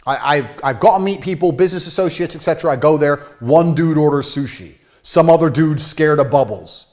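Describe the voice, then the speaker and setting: A man's voice: a little high, a little fast, a little mellow, natural voice. A man playing a brash, boastful male influencer with a British accent who drops patois, ranting and swearing. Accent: British with patois slips.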